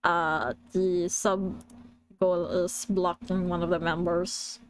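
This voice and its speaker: A woman voicing a small mischievous alien creature in a put-on British accent, explaining slowly. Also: lowish voice, flat delivery, slight background noise, voice pushed down.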